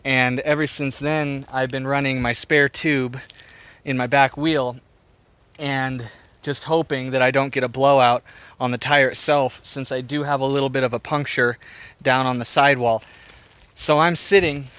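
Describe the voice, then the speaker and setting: A man narrating his bicycle tour in a casual, excitable vlog, talking to the camera outdoors on a mountain route. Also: mid-range voice, normal speed, clean tone. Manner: excitable, chatty storyteller. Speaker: bicycle touring vlogger.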